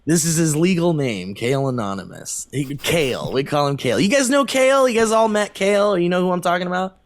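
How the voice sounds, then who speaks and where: A man's voice: sits high, animated, a little fast, no room sound. A man co-hosting a podcast, telling a casual, rambling story to friends, laughing often and swearing freely. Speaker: podcast co-host. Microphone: remote call microphone.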